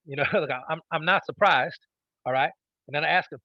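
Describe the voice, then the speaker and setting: Fast-talking emphatic male sales trainer. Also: a little high, no room sound, dull audio. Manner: emphatic, repeats key phrases, checks in with "okay?". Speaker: network marketing trainer. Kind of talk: instructional talk.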